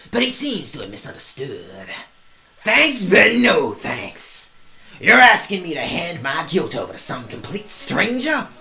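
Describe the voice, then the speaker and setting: A let's play host reading game text aloud and mocking it sarcastically, swearing and yelling back at the characters. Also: medium pitch.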